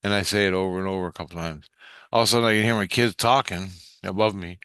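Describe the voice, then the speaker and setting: A man's voice: low-pitched, fairly even intonation, quick pace, bright, forceful tone, clean tone, dry recording. A man telling a personal story in a casual, rambling way, cursing and restarting his sentences. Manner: rambling, profane, frequent restarts.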